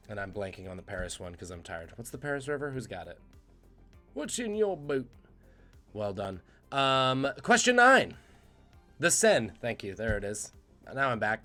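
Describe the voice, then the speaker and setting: A man's voice: mid-range voice, fairly bright tone. A man hosting a live trivia stream, joking and reading out the chat's guesses. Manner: jokey, punning, reads chat aloud. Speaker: trivia quiz host.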